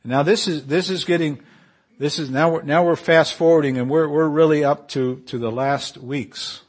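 A man preaching a sermon in an animated way, often repeating and restarting phrases and building to loud, emphatic peaks. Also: fairly high pitch, moderate pace.

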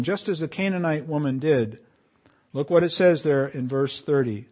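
A man preaching a sermon to his congregation, quoting scripture with emphatic swells and quiet drops. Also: fairly high pitch, unhurried. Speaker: pastor.

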